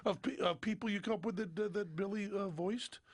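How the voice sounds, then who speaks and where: Fast-talking man hosting a podcast. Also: high-pitched. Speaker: podcast host. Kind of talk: casual interview chat.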